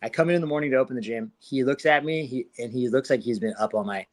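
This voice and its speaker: Male guest, 40s, from Southern California, casual slangy storyteller, mid pitch. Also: fast talker. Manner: laid-back slangy storyteller, laughs often, acts out quotes. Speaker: guest fighter.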